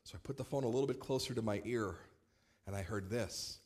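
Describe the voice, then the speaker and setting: A man, a pastor, preaching a sermon in a relaxed, storytelling way with light humor. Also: fairly low pitch, brisk, husky. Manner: conversational storytelling with warm humor.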